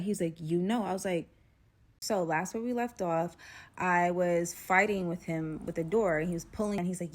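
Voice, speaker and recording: A woman's voice: on the low side, measured pace. A young woman telling a dramatic story casually, acting out the dialogue and dropping to whispers at tense moments. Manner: animated, acts out dialogue, swings to whispers.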